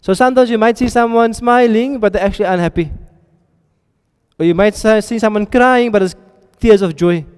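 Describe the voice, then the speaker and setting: In a reverberant hall, a teacher with a high, clear, resonant voice moves briskly through his lesson. He keeps stopping to quiz the students and check whether they're keeping up.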